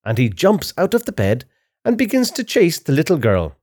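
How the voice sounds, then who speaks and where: A man narrating a children's fairy tale in a slow, expressive storytelling style. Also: on the high side.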